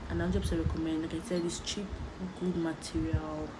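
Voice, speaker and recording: Young woman from nigeria vlogging, low voice, chatty and rambly, noisy background. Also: flat delivery, brisk. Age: young adult. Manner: chatty, rambling, laid-back. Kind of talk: casual chat to camera. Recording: noticeable background noise.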